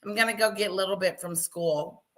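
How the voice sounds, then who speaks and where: A woman hosting a casual live stream, talking loudly and chatting with her viewers by name. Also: medium pitch, steady tone, brisk, poor audio. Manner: loud, talks to chat viewers by name.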